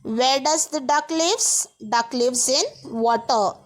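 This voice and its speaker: A woman teacher giving a lesson to young pupils, spelling each word out letter by letter and repeating it. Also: sits high. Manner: slow, spells words letter by letter and repeats them.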